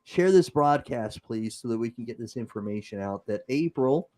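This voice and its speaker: A man's voice: mid-range voice, expressive, normal speed, darkish tone. A man with a Utah accent hosting a livestream, chatting casually and improvising as he reads comments. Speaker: host.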